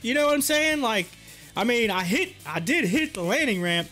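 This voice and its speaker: A man hosting a livestream, telling a story in animated casual chat, laughing often and acting out what people said. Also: extremely high pitch, moderate pace, soft background music. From rural area. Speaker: livestream host.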